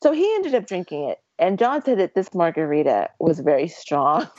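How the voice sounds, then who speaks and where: A woman telling a long story in casual chat, rambling and animated, with many fillers and restarts. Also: medium pitch, muffled recording.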